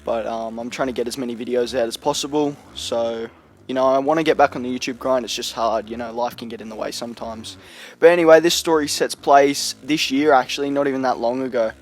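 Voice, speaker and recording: A man's voice: mid-range voice, steady tone, fairly quick. A young man telling a story in a loose, rambling storytime vlog, full of slang and fillers. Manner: rambling, slangy, lots of "you know" and "like". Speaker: vlogger.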